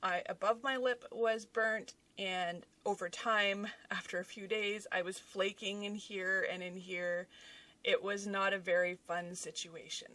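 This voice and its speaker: Casting: woman in her 30s, lively home vlogger telling a story, mid-pitched voice, sitting a little back from the mic. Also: measured pace, far from the mic. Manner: animated, dramatic storytelling with big swings in loudness. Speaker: author and YouTuber. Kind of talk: casual storytelling vlog.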